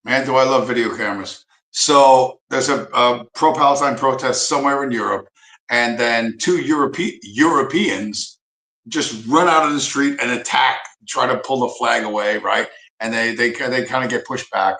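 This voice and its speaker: A man's voice: medium pitch, a bit bright, echoey room, rough recording. A man hosting a livestream, ranting casually in a profane, rambling, sarcastic way. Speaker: livestream host.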